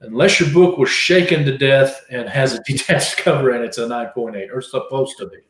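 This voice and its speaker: A man's voice: mid-range voice, a little fast, a bit bright, slight background noise. A man in a casual chat who talks in a blunt, wry, matter-of-fact way. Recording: roomy echo.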